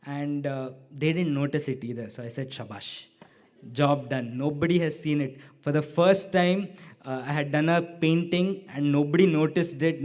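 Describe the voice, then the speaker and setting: A middle-aged man telling a personal devotional story to a hall audience, acting out his own lines and the lines of others with lively shifts of voice. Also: mid-range voice. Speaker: speaker sharing a devotional story.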